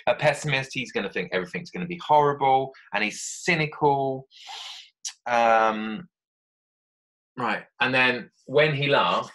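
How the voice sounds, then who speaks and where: A man's voice: mid-range voice, unhurried, fairly bright tone. A man teaching a children's writing lesson from home, thinking aloud as he drafts and chatting to pupils. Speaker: primary school teacher.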